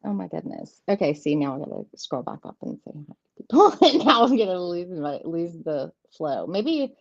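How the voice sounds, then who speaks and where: A woman with a lowish, sing-song, creaky voice talks at a normal pace while hosting a casual live tarot stream. She's chatty and giggly, rambling and greeting viewers by name, with a southeastern United States accent. The stream audio is dull, lo-fi and dry.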